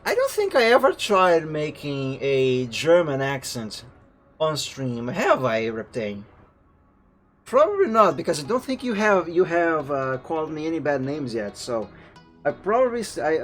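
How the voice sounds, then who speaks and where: Chatty streamer man, higher voice. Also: wildly swooping pitch, moderate pace, soft background music. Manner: chatty, rambling with restarts and laughs. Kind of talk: casual stream chat.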